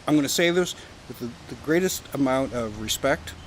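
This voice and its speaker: A man's voice: medium pitch, lively intonation, brisk, rough recording. A man from Canada chatting casually outdoors at a campsite, rambling and joking with some profanity. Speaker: pipe-smoking vlogger. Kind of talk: casual outdoor vlog chat. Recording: outdoor recording with clear wind and background noise.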